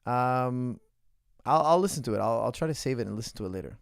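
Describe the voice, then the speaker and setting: A man's voice: mid-range voice, animated, fast talker, vocal fry, clear, resonant tone, no echo, studio quality. A man in his forties, a coach, talking casually to a live stream audience and repeating his points for emphasis. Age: 40s. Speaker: coach answering viewer questions.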